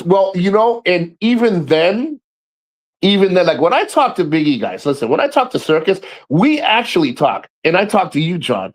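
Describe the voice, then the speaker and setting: A man hosting a casual livestream, talking to viewers by name and ranting in a profane, animated way with frequent laughs. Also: a little high, moderate pace. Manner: laughs often and repeats himself. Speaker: livestream host.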